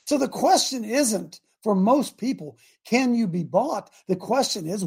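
Gravelly high-voiced preachy man. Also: lively intonation, a little slow, hardly any pauses. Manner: preachy, builds to shouting. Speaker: show host. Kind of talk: call-in talk show.

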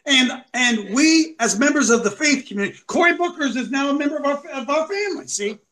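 A man's voice: very high voice, expressive, brisk, poor audio. A man hosting a show, giving combative, mocking commentary. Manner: preachy, mocking, rising to shouts. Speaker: show host.

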